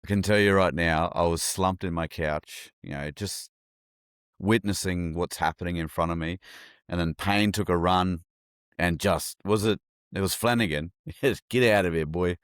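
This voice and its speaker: A man's voice: deep voice, moderate pace, fairly bright tone, no echo, studio quality. An Australian man co-hosting a sports podcast, telling stories in a laid-back, laughing, sweary way. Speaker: podcast co-host. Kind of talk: casual sports chat. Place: studio.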